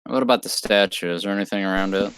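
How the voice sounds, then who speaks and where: A man's voice: on the low side, quick pace, a bit bright, clear, resonant tone, no room sound, low-quality recording. A man playing a tabletop game, chatting casually and explaining his choices. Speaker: player.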